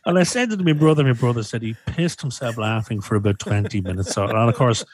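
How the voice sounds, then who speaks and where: A man chatting as a podcast guest, telling animated stories and swearing freely as he laughs at himself. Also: mid-range voice, fast, breathy edge, no echo. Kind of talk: casual chat.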